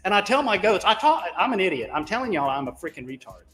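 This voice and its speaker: Brief: man, co-host, slightly high voice, rambling and profane, long reverb on the audio. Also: very animated, fast talker. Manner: rambling, profane storyteller, laughs at himself. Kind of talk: casual group chat.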